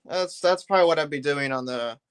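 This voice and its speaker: A man with a voice a touch higher than most, talking in an easy, loose live-stream chat. He rambles and lets his sentences drift off before picking them back up. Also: a little fast, smooth. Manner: rambling, loose and talkative, often trailing off. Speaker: live streamer building a brick set.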